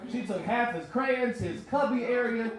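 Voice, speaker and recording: A man's voice: very high voice, moderate pace. A man in his twenties performing a stand-up comedy set, talking conversationally and checking that the crowd is following along. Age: 20s. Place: record store performance space. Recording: very echoey room.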